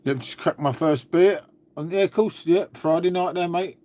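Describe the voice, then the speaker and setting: A man's voice: on the high side, normal speed, mellow. A man from England hosting a casual live stream from home, rambling and calling viewers "mate". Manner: rambling, repeats "mate" and "shall we say". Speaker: livestream host. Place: at home indoors.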